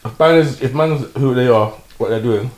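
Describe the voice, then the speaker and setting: A man chatting casually as a podcast co-host, laid-back and dropping quiet when serious. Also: medium pitch, normal speed. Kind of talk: casual chat. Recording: echoey room with faint noise.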